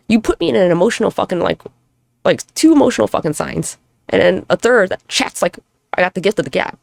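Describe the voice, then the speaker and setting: Woman doing a solo podcast, gravelly fry in her voice, super dry sound, swears a lot and rambles. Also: medium pitch, lively intonation, fast talker, no echo. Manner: candid, rambling and profane; self-deprecating humor. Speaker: podcast host.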